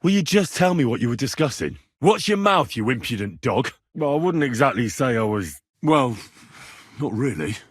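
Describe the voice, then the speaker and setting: An actor playing a wry, plainspoken young medieval commoner hero in a game, sardonic and quick to swear. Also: male voice, medium pitch, very animated, husky, no echo, studio quality. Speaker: game protagonist. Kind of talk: game voice lines.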